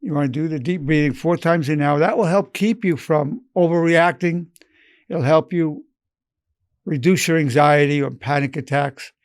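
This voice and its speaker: An elderly man in his eighties teaches with earnest, measured calm. His voice sits somewhat high for a man. The sound is close and dry, with no room echo. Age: 80s. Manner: earnest, measured, acts out loving phrases softly. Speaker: psychologist giving a lesson. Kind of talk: unscripted advice talk.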